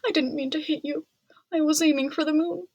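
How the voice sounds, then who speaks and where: A woman's voice: high-pitched, fairly even intonation, brisk, a little mellow, no echo, lo-fi sound, pitched above the performer's own voice. A woman voicing a playful young boy god in a children's storybook read-aloud, sounding childlike and a little whiny. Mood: apologetic. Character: young boy god with elephant head, playful and sweet-toothed.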